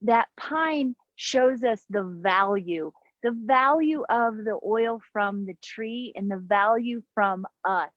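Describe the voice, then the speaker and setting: A woman teaching a yoga breathing class outdoors, giving slow, soothing cues with long pauses, recorded on a camera mic. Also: fairly high pitch, dry recording, lo-fi sound. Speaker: yoga instructor. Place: outdoors in the mountains. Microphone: camera mic, looking up at camera.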